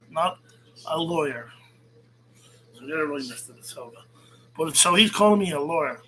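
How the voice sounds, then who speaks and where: A man's voice: a little high, lively intonation, normal speed, long pauses, sharp tone, slight background noise, low-quality recording. A man hosting a show, ranting profanely and sarcastically as he reacts to a rival's video. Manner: combative, sarcastic, swears a lot. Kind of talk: profane heated rant.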